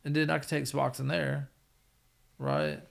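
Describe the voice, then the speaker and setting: A man's voice: medium pitch, flat delivery, moderate pace, gravelly. A middle-aged man, a podcast guest, telling his story in a blunt, profane, rambling way. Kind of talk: casual storytelling.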